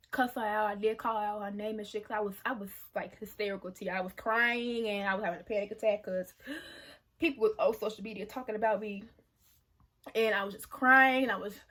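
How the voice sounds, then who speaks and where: A young woman of about twenty talks straight to her camera, venting in a loose, conversational way. Her voice sits at an ordinary middle pitch. She swears freely as she speaks her mind. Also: a bit bright. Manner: emotional, venting, frank with swearing. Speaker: vlogger. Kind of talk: casual confessional vlog.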